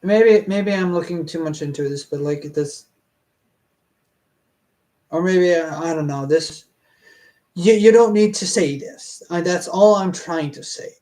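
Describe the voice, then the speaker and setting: High-voiced, slow-talking exasperated man. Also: warm tone. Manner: exasperated, halting, self-interrupting; laughs often. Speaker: reader reviewing a fan story. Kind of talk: casual commentary while reading aloud.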